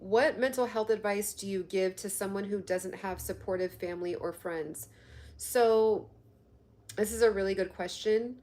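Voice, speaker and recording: A woman's voice: mid-range voice, normal speed, a little mellow. A woman hosting a live stream on health and fitness, chatting casually and reading viewer comments aloud. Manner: chatty, laughs often, reads comments aloud.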